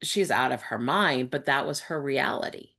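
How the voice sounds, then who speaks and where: A woman's voice: extremely low pitch, expressive, moderate pace, sharp tone, breathy edge. A woman hosting a support group discussion, speaking in a reflective, thoughtful way with frequent fillers. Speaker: host and support group facilitator.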